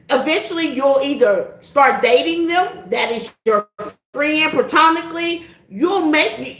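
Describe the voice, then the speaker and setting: In a reverberant space, a high-pitched woman with a fairly bright tone hosts a laid-back chat for her viewers. She's a middle-aged tarot reader and channel host who laughs a lot and drives her points home by repeating them plainly and folksily.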